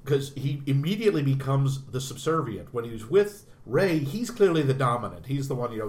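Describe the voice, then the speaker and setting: A man's voice: medium pitch, lively intonation, fairly quick. A man in a casual film discussion, talking animatedly and acting out the quoted lines. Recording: roomy with faint noise.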